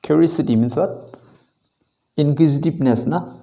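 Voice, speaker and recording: A man's voice: fairly high pitch, normal speed, vocal fry, mellow, poor audio. A man teaching a literature lesson, explaining a story line by line and repeating himself with frequent "okay"s. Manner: repetitive, fills with frequent "okay". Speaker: English teacher.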